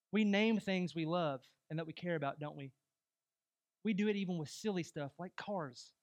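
Male pastor, sermon, emphatic, high-pitched voice, young adult. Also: normal speed, lo-fi sound. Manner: emphatic, rising to loud exhortation.

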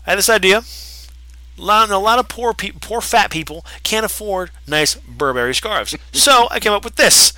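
A man impersonating a cocky young male wrestling villain, delivering a mocking sales pitch. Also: animated, normal speed, sharp tone, no echo, exaggerated voice, low-quality recording. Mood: smug.

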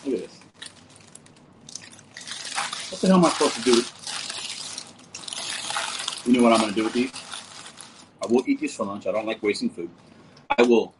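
Chill guy on a late night stream, lowish voice, calls everyone bro. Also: fairly bright tone, a little hiss or hum, poor audio. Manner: laid-back, joking, talks to viewers as brother and bro. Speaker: livestream host. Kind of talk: casual livestream chat reading comments.

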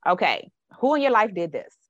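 A woman's voice: medium pitch, sing-song, brisk, a bit bright, no echo, lo-fi sound. A woman life coach, talking frankly and emphatically in a casual podcast chat. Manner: frank, emphatic, slips into dialect and quoted voices.

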